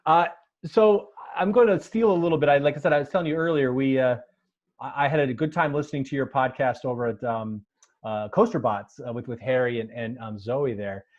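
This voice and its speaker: A man's voice: medium pitch, brisk. An American man hosting a podcast in casual chat, joking, laughing often and restarting his sentences. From United States. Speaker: podcast host. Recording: dull lo-fi sound.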